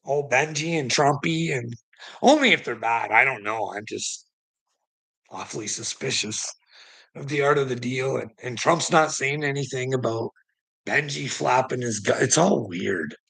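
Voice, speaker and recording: A man's voice: mid-range voice, normal speed, vocal fry, sharp tone, slightly rough, no echo, poor audio. A man livestreaming, talking straight to his chat in a rambling, profane, preachy monologue, chuckling now and then.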